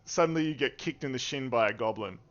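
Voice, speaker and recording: A man narrating a tabletop game as game master, unhurried and easygoing, with frequent fillers and chuckles. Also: mid-range voice. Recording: dull lo-fi stream audio.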